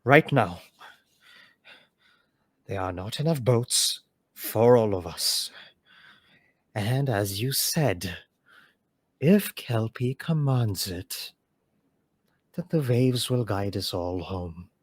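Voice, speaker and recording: Serene motherly elf woman, slow and low-key, voiced by a man. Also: no echo. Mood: calm. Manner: calm, measured, commanding. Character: calm maternal elf woman, commanding, serene.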